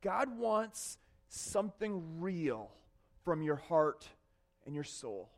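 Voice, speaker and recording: A male pastor delivers a sermon in a fairly high voice. He tells stories with animation, rising to loud bursts and then dropping to hushed, confessional tones. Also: big pitch swings, slow.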